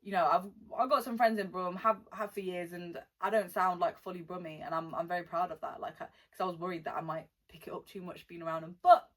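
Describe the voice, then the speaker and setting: A woman's voice: fairly low pitch, fairly even intonation. Young British woman vlogger, mixed Welsh and Midlands accent, blunt, slangy chat to camera. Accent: mixed British, Welsh-born with West Midlands and London touches. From born in Wales, lives in the West Midlands. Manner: chatty, blunt, slangy, reads questions aloud slowly. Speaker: rapper answering fan questions. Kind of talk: casual Q&A vlog.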